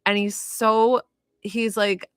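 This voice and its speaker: A woman giving a live spirit reading as a medium, chatty and filled with "like" and "you know", gentle and consoling as she passes on messages. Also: mid-range voice, level tone, slow pace, clear, resonant tone, dry recording. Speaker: psychic medium.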